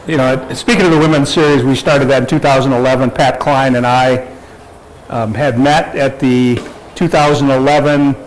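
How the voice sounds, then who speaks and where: A man's voice: mid-range voice, normal speed, slight background noise, rough recording. A man emceeing a retirement roast, calling up speakers and telling old stories. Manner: relaxed, calls up speakers by name. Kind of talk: emcee introductions.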